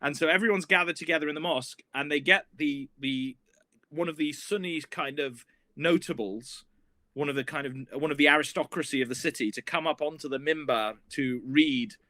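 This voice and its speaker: A man with a light, high and very bright voice tells a story with lots of energy, circling back and restarting as he goes. The sound is close and dry, with no room around it. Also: fairly quick, no room sound. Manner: animated, rambling, many restarts. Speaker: guest historian. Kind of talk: casual storytelling.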